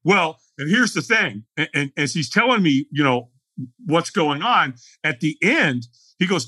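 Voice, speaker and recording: A middle-aged man telling his story as a podcast guest, animated and acting out the dialogue as he goes. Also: a little high, unhurried, slightly rough, no echo.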